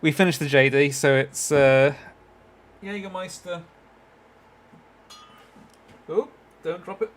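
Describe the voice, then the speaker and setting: Teasing man, slightly high voice. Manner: teasing, quick quips, giggly. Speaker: co-host of a game stream. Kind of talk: casual banter while gaming.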